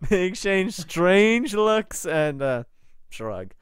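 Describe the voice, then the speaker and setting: A man's voice: high voice, big pitch swings, drawn-out words, clear, resonant tone. A man narrating a tabletop game as game master, rambling casually with fillers.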